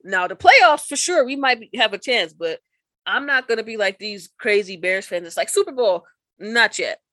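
A woman's voice: medium pitch, lively intonation, moderate pace, sharp tone, no echo. A woman co-hosting a podcast, chatting casually about sports, laughing often and doubting her own picks. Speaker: podcast co-host.

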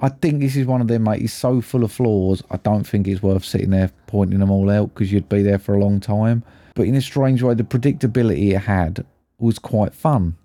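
A laid-back man talks through a film review in a relaxed, rambling way, swearing freely. His voice is extremely dark and mellow. The sound is close and dry, with no room around it. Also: on the low side, a little fast, no echo. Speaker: podcast co-host. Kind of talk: casual film review chat.

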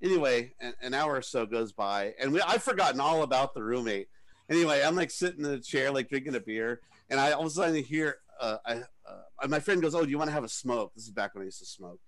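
A man's voice: mid-range voice, animated, fast talker, fairly bright tone, dry recording. A middle-aged man, a podcast co-host, telling a rambling story in casual chat. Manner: rambling, self-interrupting storyteller.

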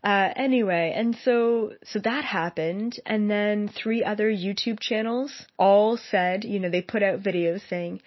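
A young woman speaks earnestly and heartfeltly, rambling a little as she addresses her viewers. Her voice sits at an ordinary pitch for a woman. The recording is dry and slightly dull. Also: a little slow, few pauses, no room sound. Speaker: psychic. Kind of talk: personal monologue to viewers. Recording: slightly muffled, dry sound.

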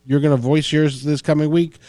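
A man's voice: on the high side, steady tone, brisk, dark tone, no room sound. A man from Ireland hosting a radio interview, playful and joking with his guest. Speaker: radio host.

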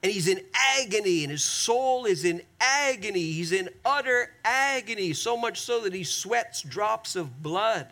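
High-voiced, gravelly pastor preaching earnestly. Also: male voice, lively intonation, bright, forceful tone. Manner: earnest, emphatic preaching with repeated appeals to the congregation; slows down sharply on key phrases. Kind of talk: sermon.

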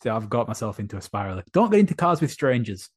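A man's voice: fairly low pitch, big pitch swings, fast, husky. A man co-hosting a podcast, chatting casually with wry, dry humor. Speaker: podcast co-host. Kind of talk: casual chat.

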